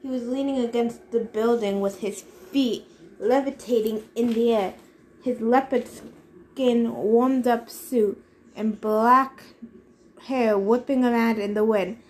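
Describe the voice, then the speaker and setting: A woman's voice: a little high, steady tone, takes it slowly, darkish tone, a little hiss or hum. A woman narrating a novel aloud in first person, giving the characters their own voices. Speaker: reader. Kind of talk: audiobook narration.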